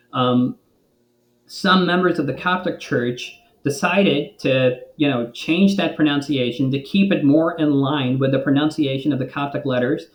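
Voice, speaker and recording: A man as a linguist guest on a podcast, explaining at length in a thoughtful, hesitant way with frequent pauses and filler sounds. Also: on the high side. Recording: roomy echo.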